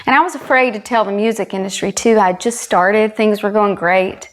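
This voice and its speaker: A woman's voice: medium pitch, normal speed. A woman from South Carolina with a Southern US accent, earnestly telling a personal story as a guest and retelling dialogue. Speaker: guest, country singer.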